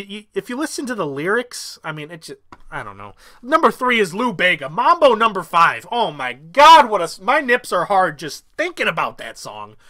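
High, bright-voiced young man ranting. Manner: rants with mock outrage, jumping from mumbling asides to loud excited bursts. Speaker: YouTuber. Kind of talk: comedic ranking vlog.

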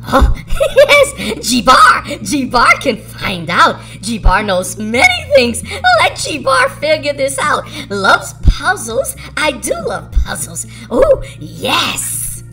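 A man voicing a small, excitable male alien scientist who squeals and repeats himself giddily. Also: extremely high pitch, extremely slow, gravelly, few pauses, faint music behind, pitched above the performer's own voice, full character voice. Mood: eager.

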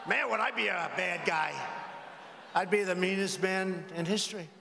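A man with a fairly high voice holds forth at a podium, drifting from point to point and mocking his opponents with asides to the crowd. His voice rings through a large arena, with a long reverb tail and a faint hum of ambience underneath. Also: normal speed, creaky, sharp tone. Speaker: political rally speaker. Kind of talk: campaign rally speech. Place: large indoor arena rally.

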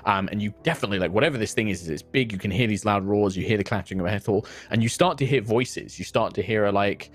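A man's voice: lowish voice, quick pace, hardly any pauses. A man narrating a tabletop game as game master, casual and vivid, with lots of fillers.

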